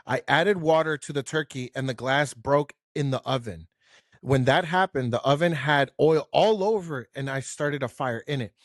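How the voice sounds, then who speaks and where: A man's voice: mid-range voice, moderate pace, no room sound, clean studio sound. A man hosting a casual podcast chat, talking loosely and chiming in with frequent affirmations. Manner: chatty, frequent affirming fillers. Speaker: podcast host.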